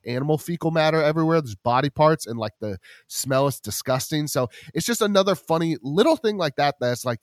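A man's voice: mid-range voice, no room sound, studio quality. A man hosting a podcast, chatting enthusiastically and rambling with many restarts. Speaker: podcast host. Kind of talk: casual chat.

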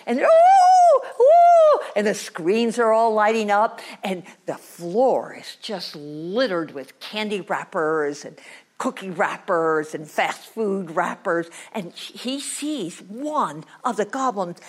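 A woman storyteller telling a folktale to a college class, dramatic and slow, dropping to hushed asides. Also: mid-range voice.

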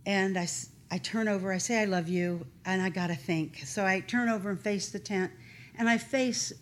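A woman's voice: medium pitch, slight background noise. Earnest woman telling a personal story. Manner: earnest, halting, animated retelling.

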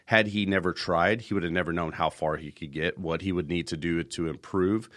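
A man's voice: sits low, fairly even intonation, a little fast, fairly bright tone, no echo, studio quality. A man in his thirties hosting a casual podcast, telling rambling stories and repeating words as he goes. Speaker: podcast host.

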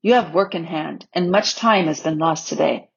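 Woman voicing a grave, gentle great lion. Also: gravelly, slightly rough, full character voice. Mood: grave, tender. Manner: slow, low and hushed. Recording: slightly dull lo-fi recording.

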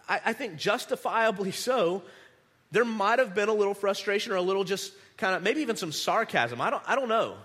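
A man preaching a conversational sermon, animated, restarting words and acting out the people he quotes. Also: high-pitched, husky, long reverb tail. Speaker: pastor.

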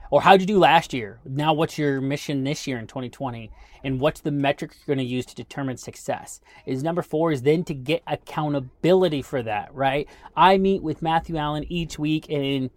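A man's voice: fairly high pitch, normal speed, no echo. A man hosting a podcast, giving casual motivational coaching with rhetorical questions. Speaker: podcast host.

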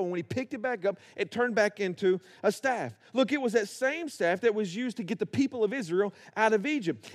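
High-voiced pastor preaching. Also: male voice, brisk, hardly any pauses. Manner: preaching, acting out biblical voices, building to rhythmic repetition. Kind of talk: sermon.

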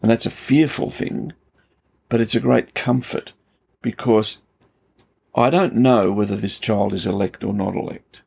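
Gravelly, husky-voiced man teaching earnestly. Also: lowish voice, steady tone, measured pace, darkish tone. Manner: earnest, emphatic storytelling with rising intensity. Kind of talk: conversational Bible teaching.

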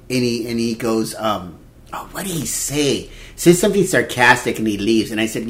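A man in his fifties telling a dating story in casual chat, animated and laughing, acting out quotes. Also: medium pitch, normal speed. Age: 50s. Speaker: podcast co-host.

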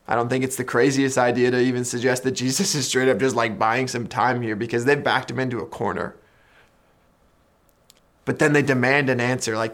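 Male pastor, mid-pitched, casual sermon delivery with dramatic quiet drops. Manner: conversational, dramatic retelling with quiet emphatic drops.

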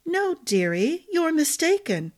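A woman's voice: very high-pitched, very animated, slow pace, voice pushed up, heavily acted. A woman voicing a gossipy, motherly head cook who talks with emphatic fondness.

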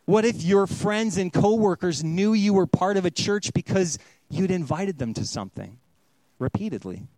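A man's voice: high-pitched, animated, moderate pace, warm tone, dry recording, poor audio. A middle-aged man giving a sermon as a pastor, talking conversationally and acting out the voices he quotes.

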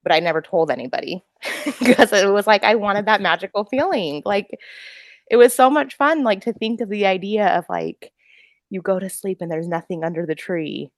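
A woman co-hosting a podcast, chatting casually at home with many fillers and a lively, talkative manner. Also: mid-range voice, moderate pace, no room sound, studio quality. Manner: chatty, lots of fillers, laughs often. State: out of breath. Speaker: podcast co-host. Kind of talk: casual chat. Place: at home, away from a room with the kids.

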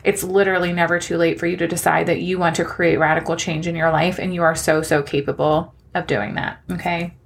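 Young woman doing a solo podcast update, gushy and encouraging, voice sits a bit low. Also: level tone, fairly quick, vocal fry, few pauses. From New Jersey. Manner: warm and gushing, encouraging, frequent laughs. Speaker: podcast host and online coach.

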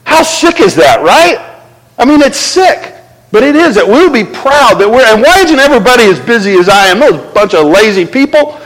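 High-voiced preacher in a big hall. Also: male voice, moderate pace. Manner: conversational, animated, asks the crowd to respond. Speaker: pastor. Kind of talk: sermon.

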